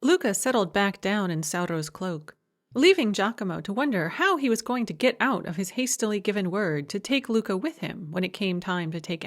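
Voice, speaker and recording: As an audiobook narrator, a woman with a medium-pitched voice reads a fantasy novel aloud in scripted narration. She gives every character the same gentle reading, changing her voice only slightly.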